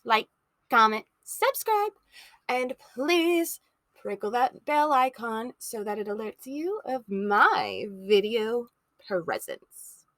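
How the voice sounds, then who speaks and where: A young woman hosting a let's play, reading a story game aloud and reacting to it in a chatty, expressive way. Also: a little high, slow pace, dry recording. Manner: chatty, expressive, laughs often. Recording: voice over background music.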